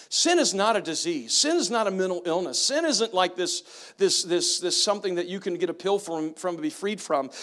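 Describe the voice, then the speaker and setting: High-voiced man preaching. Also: a bit bright. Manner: preaching with call-and-response questions to the congregation. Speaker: pastor. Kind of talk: sermon.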